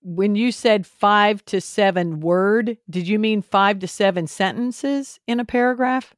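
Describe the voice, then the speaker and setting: A woman's voice: medium pitch, a little slow, dry recording, studio quality. A woman hosting a podcast interview, encouraging her guest and asking follow-up questions. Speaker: podcast host.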